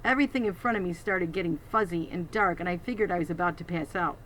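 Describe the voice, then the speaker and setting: A woman's voice: fairly low pitch, fast, fairly bright tone, slight background noise, poor audio. A woman reading a children's novel aloud, adding teacherly asides to her listeners. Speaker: reader.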